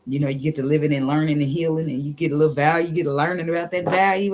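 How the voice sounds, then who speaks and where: A low-pitched woman with a darkish tone and fairly even intonation gives a casual tarot reading, with a little hiss or hum audible. She's sassy and blunt, uses profanity, laughs a lot, and draws out phrases for emphasis.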